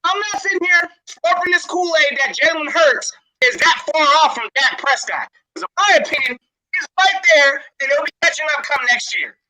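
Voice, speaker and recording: A woman's voice: sits high, expressive, normal speed, bright, forceful tone, rough recording. A woman co-hosting a sports podcast, arguing her points in an assertive, opinionated way. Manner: assertive, argumentative. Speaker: podcast co-host. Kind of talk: sports talk commentary.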